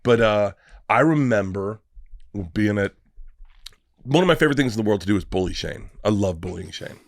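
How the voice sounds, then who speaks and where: A man's voice: lowish voice, moderate pace, no echo. A man, a guest comedian, telling rambling, profane stories in casual podcast chat on a studio mic. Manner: rambling, profane, animated storyteller.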